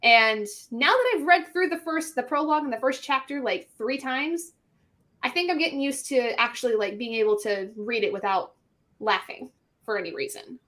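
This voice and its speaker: A woman's voice: a little high, normal speed, fairly bright tone. A woman who narrates audiobooks, chatting casually on a video call, giggling and rambling with plenty of filler words. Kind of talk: casual chat on a group video stream.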